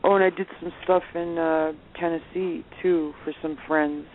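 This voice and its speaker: A woman telling lively anecdotes as a phone-in guest, laughing often as she talks. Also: sits low, normal speed. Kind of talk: casual storytelling on a phone interview. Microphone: telephone. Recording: tinny phone line with faint hiss.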